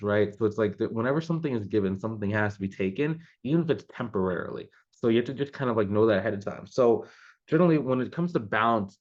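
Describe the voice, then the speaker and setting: A man's voice: on the low side, a little mellow, highs cut off. A man coaching business owners in a loose, conversational way, with many fillers and restarts. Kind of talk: casual advice talk to camera.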